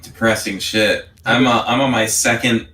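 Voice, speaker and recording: A man's voice: fairly low pitch, fairly even intonation, normal speed, pushed and bright. A man co-hosting a stream who is a bit drunk and rambles with laughter. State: tipsy. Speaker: regular co-host.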